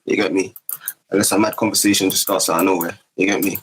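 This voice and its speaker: A man's voice: sits low, level tone, fast, fairly bright tone, a little hiss or hum, rough recording. London man rambling on a livestream. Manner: rambling, heavy street slang, keeps asking "you get me". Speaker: livestream host. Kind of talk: casual livestream chat.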